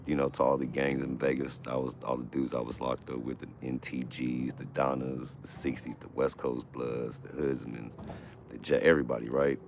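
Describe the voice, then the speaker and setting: A man's voice: extremely low pitch, level tone, moderate pace, gravelly, darkish tone, slight background noise. A man telling a prison story on a live stream from his phone at home, casual, profane and often laughing.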